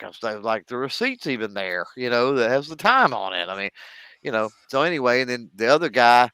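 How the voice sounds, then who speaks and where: A man chats casually, swinging his pitch widely as he acts out the people in his stories. His voice is smooth and clear. The recording is dry and close. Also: fairly quick, dry recording. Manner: animated storyteller acting out quoted voices. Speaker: show regular telling a story. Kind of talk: casual chat.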